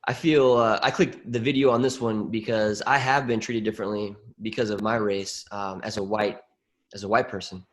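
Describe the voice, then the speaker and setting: A man moderating a group conversation on a video call, speaking in a reflective, hesitant way with many fillers. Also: on the low side. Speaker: discussion moderator.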